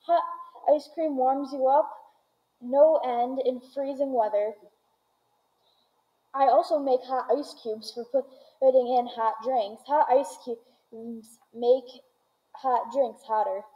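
A woman reading aloud voices an excitable, eccentric male candy maker who talks in bursts of boastful exclamation. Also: high-pitched, slow, long pauses, muffled recording. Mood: gleeful.

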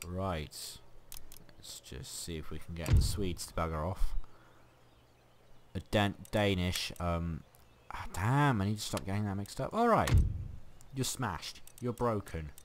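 A man's voice: low-pitched, a little slow, noisy background. A man giving chatty, sarcastic running commentary on a strategy game he is playing. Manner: chatty, sarcastic, mock-exasperated. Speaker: let's play host.

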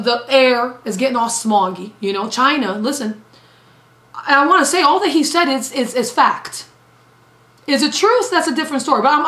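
A woman's voice: a little high, fairly bright tone. A woman evangelist preaching a sermon emphatically, repeating phrases for stress. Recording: roomy echo.

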